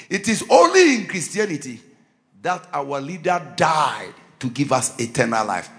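A man preaching a Christmas sermon to a church, fervent and swinging from quiet lines into sudden shouts. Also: fairly high pitch, very animated, a little slow, creaky. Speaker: pastor.

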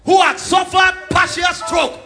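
Bright high male testimony announcer. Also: level tone, measured pace, faint music behind. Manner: emphatic, proclaiming. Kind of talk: reading testimonies at a church service.

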